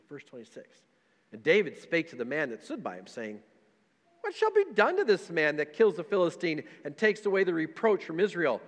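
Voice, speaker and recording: A man's voice: a little high, very animated, moderate pace, fairly bright tone, big-room sound. A man preaching a folksy, conversational sermon as pastor, often repeating words as he goes. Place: church sanctuary.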